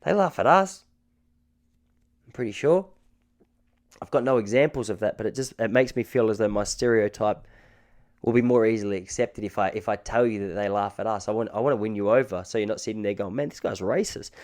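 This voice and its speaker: A man's voice: fairly low pitch, fairly quick, darkish tone. An Australian man in his thirties hosting a podcast, telling rambling, joking stories in a casual solo monologue. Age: 30s. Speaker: podcast host.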